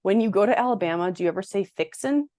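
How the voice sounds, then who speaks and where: A woman's voice: mid-range voice, animated, quick pace, dark tone, dry recording, clean studio sound. A woman co-hosting a podcast over a video call, chatting casually and laughing often. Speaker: podcast co-host. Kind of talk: casual chat.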